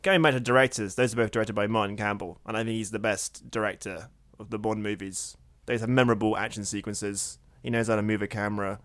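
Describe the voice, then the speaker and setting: Joking English podcast host, dry sound. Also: male voice, on the low side, steady tone, fast talker, few pauses, a bit bright, no room sound. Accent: English with a slight American tinge. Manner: jokey, rambling, lots of "like". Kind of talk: casual podcast chat.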